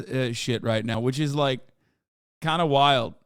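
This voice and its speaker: A man's voice: mid-range voice, a little slow, a bit bright, clean tone, no echo, studio quality. A man hosting a live stream, reacting to clips with sarcastic, sweary commentary. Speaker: streamer host.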